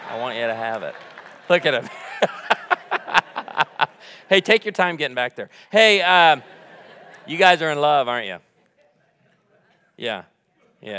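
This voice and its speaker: High bright-voiced joking preacher man. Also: clean tone, big-room sound. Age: 40s. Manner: joking, playful crowd banter. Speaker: guest preacher. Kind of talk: humorous sermon. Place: church sanctuary before a congregation.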